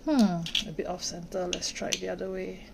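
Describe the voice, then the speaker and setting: A woman hosting a toy unboxing, gently narrating and reacting with delight to each figure as she unwraps it. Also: on the low side, flat delivery, fairly quick, creaky, very noisy. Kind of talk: unboxing narration, soft ASMR-like. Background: plastic crinkling and clicks from handling toys.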